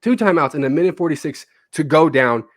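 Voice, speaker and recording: Profane, animated young male podcaster. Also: fairly high pitch, a little fast, dry recording, clean studio sound. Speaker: podcast co-host. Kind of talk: casual sports podcast chat.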